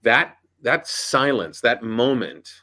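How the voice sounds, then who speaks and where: A man talking on a video call, giving emphatic, punchy coaching advice in an animated panel chat. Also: mid-range voice, slow. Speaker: voiceover artist and audiobook coach.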